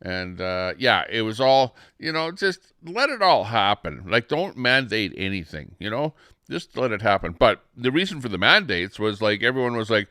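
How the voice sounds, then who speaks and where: Rambling man, lower pitch. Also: very animated, normal speed, pushed and bright, clear, resonant tone, no room sound, studio quality. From Canada. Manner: rambling, heavy on fillers and restarts. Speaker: livestream host. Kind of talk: casual live-stream commentary.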